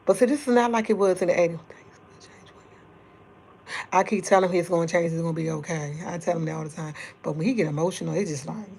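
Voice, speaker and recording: A woman's voice: fairly low pitch, fast, long pauses, a little hiss or hum. A middle-aged woman, chatting casually and rambling with livestream viewers and laughing often. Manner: speaking softly at times to keep quiet. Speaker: livestream host.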